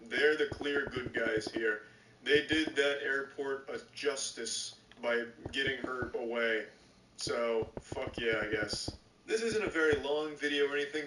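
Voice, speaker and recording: A man streaming and reacting to videos, giving sarcastic, profane commentary. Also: mid-range voice. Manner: sarcastic, swears often. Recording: roomy, distant, noisy mic.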